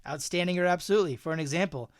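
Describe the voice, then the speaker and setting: Playful higher-voiced man, dry close mic. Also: rapid-fire, no echo. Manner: playful, reads slang terms and definitions aloud. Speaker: podcast co-host. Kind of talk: casual chat.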